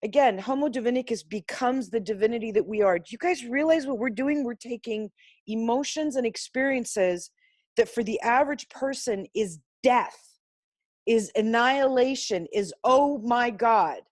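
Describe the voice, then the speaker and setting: A woman's voice: fairly high pitch, normal speed, darkish tone, no echo. A woman giving an impassioned, blunt spiritual talk to a group on a video call, swearing freely and pressing her points hard. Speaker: class participant sharing insights.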